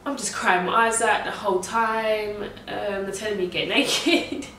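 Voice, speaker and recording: A young woman tells her story casually and animatedly, full of slang and swearing. Her voice sits at a middle pitch and is caught from a distance in an echoey room, with faint ambience behind her. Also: fairly even intonation, moderate pace, a bit bright, a little hiss or hum.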